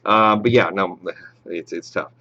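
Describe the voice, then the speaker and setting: A man hosting a live show, chatting casually and reading out viewer shout-outs. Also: low-pitched, unhurried, dull audio, very noisy. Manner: reads viewer names and approves shout-outs, chatty with fillers. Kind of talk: casual live stream chat.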